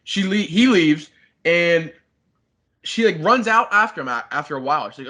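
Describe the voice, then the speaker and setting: A man's voice: fairly high pitch, animated, moderate pace, pushed and bright. A young man, a podcast co-host, animatedly retelling a story in casual chat, swearing a lot and saying "like" constantly.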